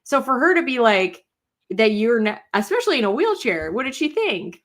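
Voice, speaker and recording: A woman's voice: fairly high pitch, big pitch swings, moderate pace, fairly bright tone. A young woman co-hosting a podcast in casual chat, reflective and talking things through. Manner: reflective, talks things through with many fillers. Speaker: podcast co-host.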